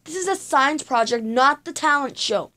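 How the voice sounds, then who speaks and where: A woman voicing a patient, disappointed schoolteacher in a storybook, with a measured, gently scolding delivery. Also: high-pitched, lively intonation, voice pushed up.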